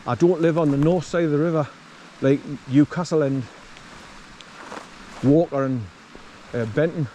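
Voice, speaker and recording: A man's voice: on the high side, unhurried, long pauses, mellow, a little hiss or hum. A middle-aged man with a Geordie accent, chatting casually as he walks outdoors and films a rambling vlog. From northeast England. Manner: chatty, rambling, talks to his dog. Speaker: vlogger. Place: outdoors on a country path.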